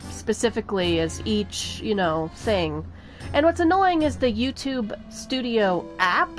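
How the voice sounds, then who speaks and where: A woman doing casual let's-play commentary, chatty and rambling as she plays. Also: medium pitch. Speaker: game streamer.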